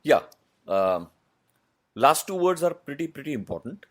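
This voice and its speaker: A man, a voice artist answering interview questions in a measured, explanatory way with many pauses. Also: fairly high pitch, very animated, fairly bright tone. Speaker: voice artist guest.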